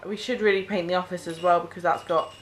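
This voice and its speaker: A woman's voice: lowish voice, fairly even intonation, quick pace, a little hiss or hum. A young woman, a new mother chatting casually to camera at home, rambling through her plans. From Cheshire, England. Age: young adult. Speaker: family vlogger, new mother. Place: at home indoors.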